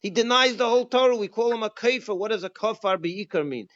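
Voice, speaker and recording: A man with a high voice gives a religious class as a rabbi. He teaches emphatically and keeps asking his listeners rhetorical questions. The recording sounds dull and lo-fi. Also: fast, fairly bright tone. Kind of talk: Passover class.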